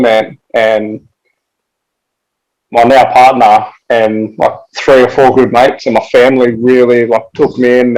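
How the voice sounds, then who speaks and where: A man's voice: mid-range voice, a little mellow, rough recording. A man, a podcast guest talking in casual chat, laid-back and swearing freely, saying "man" and "like" a lot.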